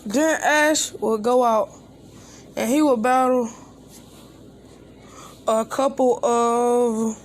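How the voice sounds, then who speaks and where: A woman's voice: fairly high pitch, slight background noise. A woman improvising a fan story aloud, rambling with restarts and quoting each character's lines herself. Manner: rambling, with restarts and quoted dialogue.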